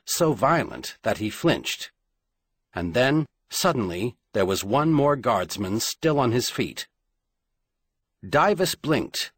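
A man narrating a fantasy novel in a dramatic, measured storytelling voice. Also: mid-range voice, a bit bright, slightly rough, dry recording. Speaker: audiobook narrator. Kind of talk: scripted fiction narration.

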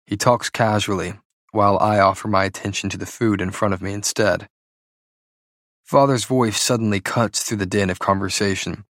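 Low dude reading a novel out loud, slow and deliberate, super dry close sound. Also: male voice, little pitch movement, dry recording. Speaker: audiobook narrator. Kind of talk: first-person fiction reading.

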